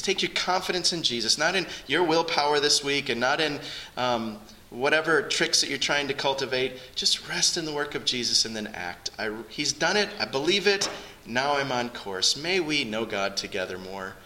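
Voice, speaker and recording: A man's voice: medium pitch, animated, moderate pace, sharp tone, rough recording. A man preaching a sermon to his congregation in an earnest, conversational way. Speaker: pastor.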